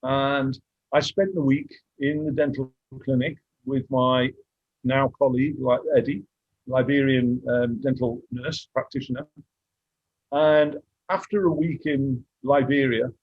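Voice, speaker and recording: A man's voice: mid-range voice, fairly even intonation, unhurried, husky, no room sound, phone-quality sound. A man in his sixties, a mission dentist, telling his story candidly and reflectively, sometimes moved. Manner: candid, reflective, getting emotional at times. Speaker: guest speaker, mission dentist. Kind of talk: casual storytelling on a video call.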